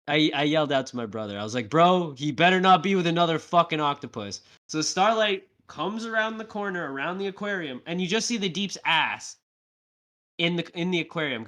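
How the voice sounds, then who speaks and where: A man co-hosting a podcast, recapping a TV episode in a casual, animated way, swearing often and tagging "right?" onto his sentences. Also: fairly high pitch, brisk. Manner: animated, swears a lot, acts out quotes; tag questions like "right?". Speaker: podcast co-host.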